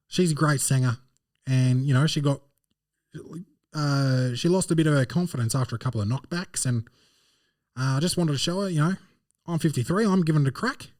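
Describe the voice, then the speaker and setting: A man's voice: fairly high pitch, a little mellow, no echo, studio quality, pitched above the performer's own voice, lightly acted. A man impersonating a laid-back Australian man in his fifties, talking in a mumbly, offhand way.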